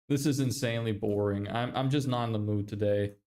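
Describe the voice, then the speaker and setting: A man's voice: on the low side, normal speed, dark tone. A young man chatting casually on a livestream, reading viewer messages, swearing and laughing often. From Ireland. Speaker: livestreamer and agency owner.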